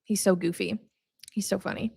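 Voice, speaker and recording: A woman's voice: medium pitch, steady tone, moderate pace, gravelly, dark tone, slightly rough, no echo, clean studio sound. A young woman hosting a podcast, teaching about faith in a casual, chatty way, laughing often and filling her talk with "like". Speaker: podcast host.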